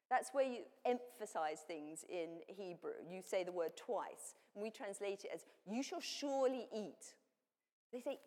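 A woman's voice: mid-range voice, expressive, a little slow, darkish tone. Woman preaching in a reverberant hall. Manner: plain, explanatory teaching with frequent self-corrections. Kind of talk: sermon.

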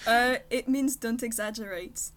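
A woman's voice: fairly high pitch, measured pace. A woman, a podcast guest in casual chat, explaining with friendly fillers and laughing often. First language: French.

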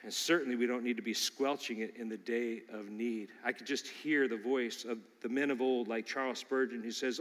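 A man preaching a sermon, emphatic and swinging from loud declarations to hushed appeals. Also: mid-range voice, fairly even intonation, normal speed, few pauses, big-room sound.

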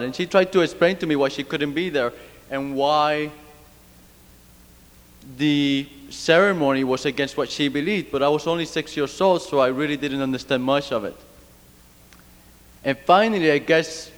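A man's voice: a little high, fairly bright tone. A man from Cuba giving an earnest, reflective personal talk, with fillers and restarts. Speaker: speaker. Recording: long reverb of a hall.

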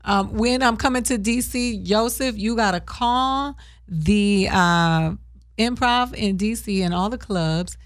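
A talkative woman hosts a live show, chatting loosely with guests. Her voice is middle-pitched and recorded dry and close. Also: slow pace, dry recording. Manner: lively, talkative, laughing often. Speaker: host. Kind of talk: casual live show chat.

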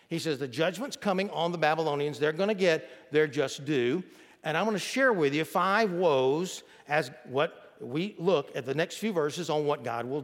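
A long reverb tail trails the high-leaning voice of a pastor preaching in a church sanctuary. While delivering his sermon, he reads scripture aloud and calls on the congregation to repeat words after him.

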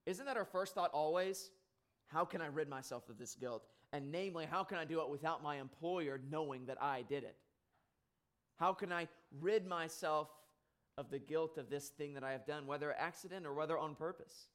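Casting: male preacher, earnest sermon delivery, slightly higher voice, builds to emphatic peaks then falls quiet. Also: normal speed. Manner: earnest, swells louder and higher on key points, drops soft on sad ones.

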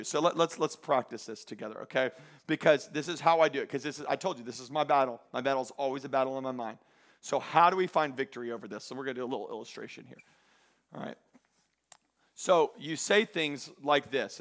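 Pastor, male, slightly high voice, lively sermon delivery with big swings in volume. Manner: animated preaching, swinging from loud declarations to quiet asides.

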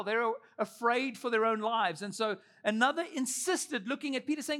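A man in his thirties preaching a sermon, telling the story with animated delivery and acting out the quotes. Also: high voice, brisk, hardly any pauses. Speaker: pastor.

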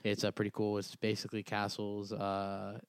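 A man's voice: on the low side, completely flat delivery, normal speed, clear, resonant tone, dry recording. Rambling young man telling stories. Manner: rambling storyteller, lots of likes and fillers. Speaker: podcast co-host. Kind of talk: casual chat.

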